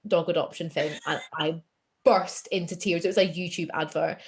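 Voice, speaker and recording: A woman's voice: fairly low pitch, steady tone, fairly quick. A woman guest on a podcast, talking openly and self-deprecatingly and laughing easily. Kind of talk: casual chat.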